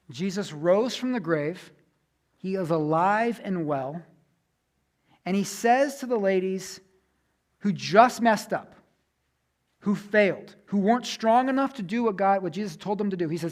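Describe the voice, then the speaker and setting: A man with a notably high voice delivers a sermon. He speaks as a pastor in his thirties, earnest and conversational, and he often repeats phrases for emphasis. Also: lively intonation, normal speed.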